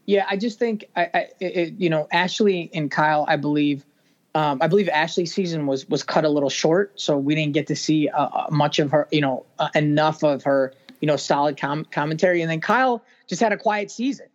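Male co-host, higher voice, halting casual chat, slightly muffled line. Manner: rambling, halting, many fillers. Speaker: podcast co-host. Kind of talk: casual podcast discussion.

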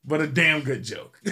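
A male host tells a long joke casually, in a bright, forward voice of middle pitch. He rambles and swears freely, and he fills his speech with ums and you-knows. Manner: rambling and profane, with frequent fillers. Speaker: show host.

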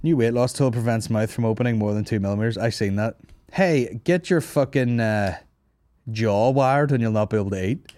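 A man's voice: lowish voice, fairly even intonation, a little fast, dark tone, no room sound, clean studio sound. A man hosting a comedy podcast, rambling through crude, sweary jokes in casual banter. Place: podcast studio.

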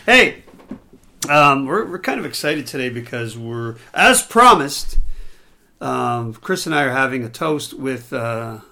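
A man co-hosting a podcast, bantering playfully over drinks with a halting, joking delivery. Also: medium pitch, big pitch swings, vocal fry, pushed and bright. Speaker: podcast co-host.

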